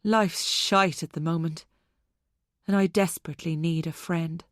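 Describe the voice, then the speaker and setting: A woman's voice: deep voice, steady tone, a little slow, no room sound, clean studio sound. A weary young man. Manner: tired, subdued.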